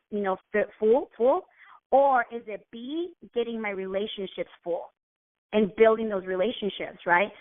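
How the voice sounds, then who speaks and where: Earnest woman coaching over a tinny phone line. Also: medium pitch. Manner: earnest, rambling with many restarts. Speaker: motivational coach. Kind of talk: casual motivational talk.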